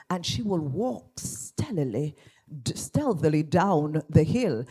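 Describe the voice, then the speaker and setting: A Jamaican woman pastor addresses an awards audience in a church, pulling them into call and response. Her voice sits a little low, and her pitch leaps and dips with expression. She speaks at a slow, deliberate pace. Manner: animated, engages the audience, asks for call and response. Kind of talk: lively speech at an awards ceremony. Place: church hall.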